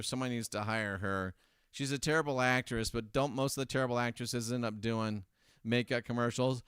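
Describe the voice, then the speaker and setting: A man's voice: mid-range voice, pushed and bright, smooth, no room sound, clean studio sound. A man hosting a casual commentary monologue, sarcastic and rambling with self-correcting asides. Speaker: host.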